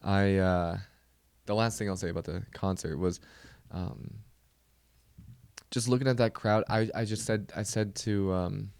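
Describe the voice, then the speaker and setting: A man's voice: low-pitched, steady tone, measured pace, vocal fry, pauses often, darkish tone, clear, resonant tone, dry recording. A man hosting a comedy podcast, ranting in a casual, exasperated and profane way that rambles along.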